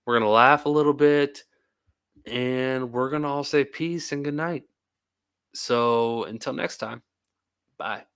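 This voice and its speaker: A man's voice: medium pitch, a little slow, long pauses, fairly bright tone, clean tone. A tired man hosting a live stream, chatting in a rambling, talkative way and laughing often. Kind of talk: casual live-stream chat.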